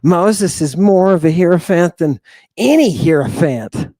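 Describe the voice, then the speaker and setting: A man's voice: a little high, expressive, a little slow, warm tone, no room sound. A man hosting a livestream lecture, emphatic and sighing often, breaking into asides and checking that his audience understands. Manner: emphatic, keeps asking the audience if they understand. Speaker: host.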